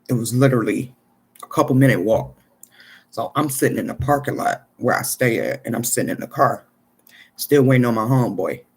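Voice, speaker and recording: Husky man telling a street story. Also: mid-range voice. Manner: street slang, profane, repeats "you know what I'm saying". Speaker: storyteller recounting an experience. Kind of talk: casual storytelling monologue.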